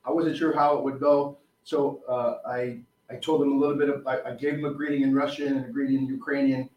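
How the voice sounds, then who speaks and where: A man preaching a sermon, reading scripture with rising force and dropping low on asides, with frequent restarts. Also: dull audio, slight background noise. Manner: animated, rises loud on scripture and drops low on asides; halting, with restarts and fillers.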